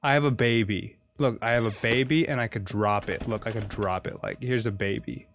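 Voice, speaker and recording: A woman playing a horror game with her partner in casual chat, excitable and slangy, yelling warnings. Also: rumbling low, normal speed, a little hiss or hum. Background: game music.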